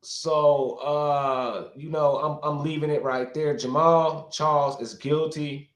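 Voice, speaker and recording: A man's voice: a little high, fairly even intonation, slow pace, roomy sound. Heated, profane man ranting on a livestream. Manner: heated, profane, talks straight to the chat. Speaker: livestream commentator. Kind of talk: rambling livestream commentary.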